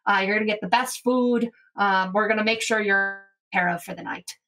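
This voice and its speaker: A woman voicing a friendly male human bartender who welcomes the heroes warmly. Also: mid-range voice, brisk, distant mic. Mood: welcoming. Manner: hearty, welcoming, hesitant restarts.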